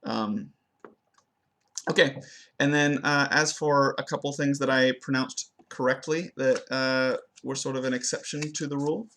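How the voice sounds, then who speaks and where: Young male student, unhurried, halting self-review of his pronunciation, lots of ums and restarts. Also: medium pitch, steady tone, a bit bright, a little hiss or hum. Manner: hesitant, many fillers and restarts, slows down to demonstrate words. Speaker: language student. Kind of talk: spoken self-assessment of pronunciation.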